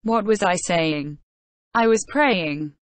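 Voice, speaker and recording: A woman reading the part of a gentle, pious old peasant soldier, talking in a folksy, homespun way. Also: fairly low pitch, slow, no room sound. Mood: drowsy.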